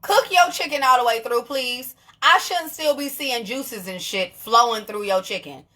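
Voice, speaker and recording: A young woman, talking straight to camera in a casual vlog, blunt and animated, swearing freely and laughing often. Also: on the high side, normal speed. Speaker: vlogger.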